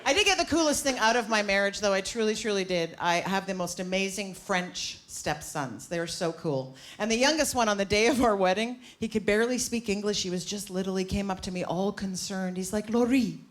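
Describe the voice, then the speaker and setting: A woman from Canada doing a brash, self-mocking stand-up set on a club stage. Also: medium pitch. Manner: brash, self-mocking punchlines with pauses for laughs. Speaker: stand-up comedian. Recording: live club recording with loud crowd. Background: laughing audience.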